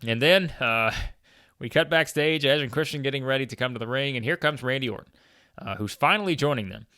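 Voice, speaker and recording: A man's voice: medium pitch, fairly quick, bright, forceful tone, dry recording, clean studio sound. A man hosting a gaming video, narrating a wrestling sim playthrough in a chatty way, with frequent fillers and chuckles.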